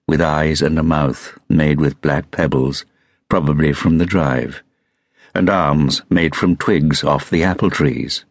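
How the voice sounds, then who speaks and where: A man reading a thriller audiobook as narrator, measured and steady. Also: very deep voice, no echo, clean studio sound. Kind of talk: scripted narration.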